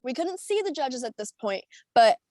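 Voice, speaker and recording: Young female singer, high-ish voice, bubbly and rambling, dry close video-call sound. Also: moderate pace, dry recording. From United States. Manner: bubbly, animated, rambling with many fillers and laughs. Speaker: singer being interviewed. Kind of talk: casual storytelling over a video call.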